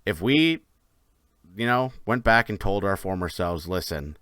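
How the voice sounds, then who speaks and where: Deep-voiced laid-back man co-host. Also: lively intonation, unhurried, fairly bright tone, clear, resonant tone, no room sound, studio quality. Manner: agreeable, laughs along often. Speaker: podcast co-host. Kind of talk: casual sports chat.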